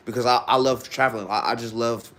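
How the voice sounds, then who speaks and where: A man's voice: medium pitch, fairly even intonation, quick pace, fairly bright tone. A young man in his twenties from Ohio, rambling casually to his live-stream viewers with loose restarts. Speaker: livestreamer.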